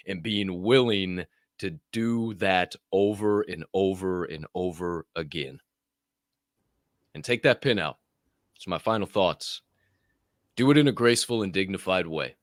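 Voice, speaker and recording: Low-voiced man giving a punchy pep talk. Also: no room sound, studio quality. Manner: emphatic, profane, punchy repetition. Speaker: podcast co-host. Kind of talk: motivational talk. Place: podcast studio.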